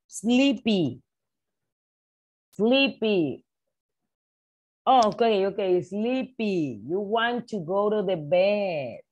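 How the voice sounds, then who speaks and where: A woman teacher, slowly repeating vocabulary words for young pupils in an English lesson. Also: medium pitch, darkish tone. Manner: slow, repetitive drilling of vocabulary words. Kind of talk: online class for young children.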